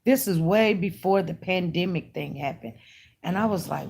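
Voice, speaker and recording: A woman's voice: lowish voice, moderate pace, noisy background. A woman who runs an online news channel, chatting emphatically and casually to her viewers as she tells a story. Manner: chatty, emphatic, talks straight to her audience.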